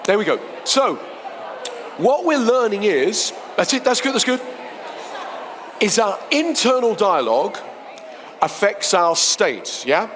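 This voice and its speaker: A man giving a chatty, playful seminar talk to a live audience, swinging between soft and loud. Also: high-pitched, big pitch swings, slow, pauses often, long reverb tail, a faint crowd, slight background noise. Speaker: motivational speaker.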